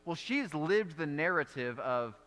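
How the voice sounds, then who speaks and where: Guy preaching, bright voice, chatty storytelling, big church reverb. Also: fairly high pitch, a little slow, soft background music. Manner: conversational storytelling preacher, animated delivery. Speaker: pastor. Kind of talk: sermon. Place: church sanctuary.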